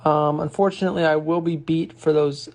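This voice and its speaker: Low, gravelly deadpan woman. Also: fairly quick. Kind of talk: vlog narration.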